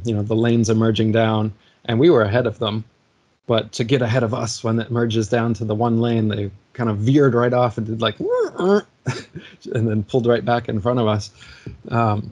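A man in his forties recounting a personal anecdote in casual conversation, animated and laughing often. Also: on the low side. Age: 40s.

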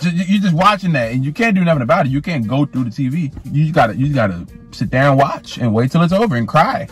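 Excitable man ranting in a vlog. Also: on the high side, fast, hardly any pauses, husky, soft background music. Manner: animated, repeats and stumbles over words. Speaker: sports fan vlogger.

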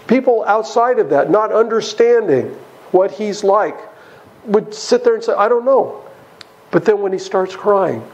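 A man's voice: high-pitched, darkish tone, rough recording. A man preaching a Bible study sermon in a church, emphatic and chuckling as he goes.

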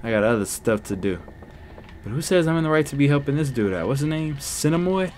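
A young man giving let's play commentary, loud and excitable, talking back to the characters on screen. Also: mid-range voice, a little fast, a little hiss or hum. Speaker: gaming YouTuber.

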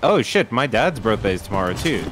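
A man's voice: lowish voice, very animated, a little fast, crowd noise. A mid-twenties man from South Africa, playing a game with a friend and teasing him while giving tips. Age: 20s. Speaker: guest co-player. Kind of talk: casual live gaming banter. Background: game music.

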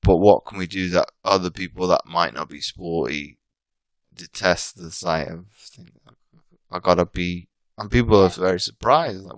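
A man's voice: deep voice, normal speed, no room sound. A British man in his thirties chatting casually as an interview guest, talking in loose, rambling sentences full of restarts and self-corrections. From Britain. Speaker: podcast guest, coach.

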